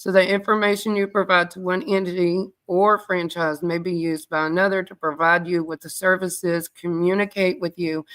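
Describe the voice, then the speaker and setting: A woman hosting a livestream, reading a privacy policy aloud quickly, with sassy asides to viewers. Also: fairly low pitch, fairly bright tone. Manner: reads quickly, breaks off to chat with viewers. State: out of breath. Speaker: true crime livestream host.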